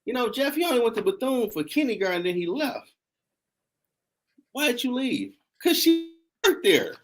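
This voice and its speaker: A man hosting a casual chat, telling animated, laughing stories in slangy talk. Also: very high voice, moderate pace. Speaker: host.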